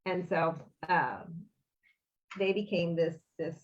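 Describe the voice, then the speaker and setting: A woman with a lowish, sing-song voice speaks slowly on a muffled recording. She is an author and bereaved mother appearing as an interview guest, telling a personal story earnestly and ramblingly while acting out the dialogue.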